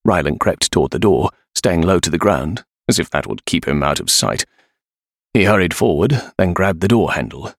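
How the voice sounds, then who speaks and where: A man narrating an adventure story in an expressive, animated way. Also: low voice, creaky, no echo, clean studio sound. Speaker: audiobook narrator. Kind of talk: scripted narration.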